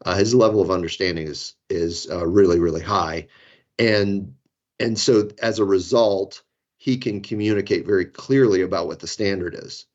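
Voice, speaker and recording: A man in his fifties from the Florida Keys, speaking in a lowish voice with a dull, lo-fi sound. He tells long, winding stories about his own mistakes and chuckles through them. His tone is relaxed, like casual podcast chat. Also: moderate pace. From Florida Keys, United States. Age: 50s. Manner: rambling, self-deprecating, chuckles through stories. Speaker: guest, safety consultant.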